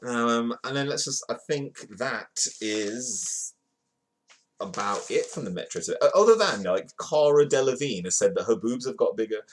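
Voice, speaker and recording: A man's voice: mid-range voice, lively intonation, normal speed, slight background noise. A man hosting a livestream, reading news headlines aloud in a casual, playful way and greeting chat viewers between stories. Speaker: livestream host. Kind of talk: casual news read-through with jokey asides.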